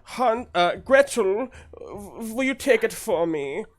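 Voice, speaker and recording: A man voicing a pompous, nervous gentleman who fusses and stammers. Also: high-pitched, animated, slow pace, pitched above the performer's own voice. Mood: flustered. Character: pompous nervous man fussing over a monocle.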